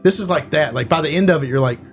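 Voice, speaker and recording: A man co-hosting a casual podcast, rambling through an animated retelling with lots of fillers. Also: fairly high pitch, fast, soft background music. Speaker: podcast co-host. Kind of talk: casual chat.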